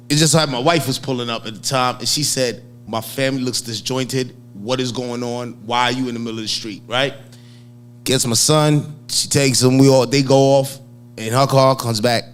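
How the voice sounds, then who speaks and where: A middle-aged man, co-hosting a casual talk show and telling a family story with shouts and laughter. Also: mid-range voice. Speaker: co-host. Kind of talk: casual chat.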